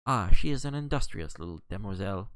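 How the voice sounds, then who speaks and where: A man's voice: lowish voice, expressive, fast talker, fairly bright tone, smooth, dry recording. A man reading the part of a fussy, shrewd little detective who keeps asking probing questions. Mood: curious.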